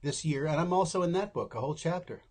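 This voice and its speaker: A man's voice: fairly high pitch, animated, fast, darkish tone. A man in his seventies, an interview guest, telling candid stories in a wry, casual way and acting out the people he quotes.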